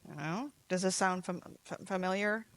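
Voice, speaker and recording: A woman's voice: on the low side, normal speed, slight background noise, rough recording. A woman giving a conversational public lecture, explaining step by step with light asides, restarts and fillers.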